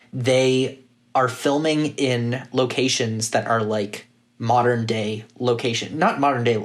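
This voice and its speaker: A man co-hosts a casual podcast with a mid-range voice. He is opinionated and blunt, slipping in jokes while he makes his case. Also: medium pitch. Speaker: podcast co-host.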